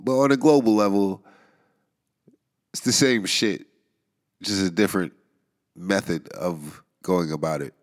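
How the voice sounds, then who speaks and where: This is a man with a very low, stuffed-up voice, nasal from a head cold. He hosts his own show in a loose, rambling monologue, wry and quick to chuckle between thoughts. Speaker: podcast host. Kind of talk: casual monologue. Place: New York area.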